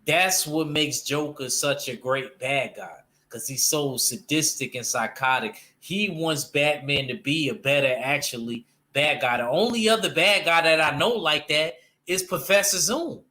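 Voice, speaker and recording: A man's voice: on the high side, measured pace, bright, forceful tone. A man chatting casually and animatedly about comics, using loose slang and restarting his sentences often. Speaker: panel guest discussing comics. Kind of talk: casual chat.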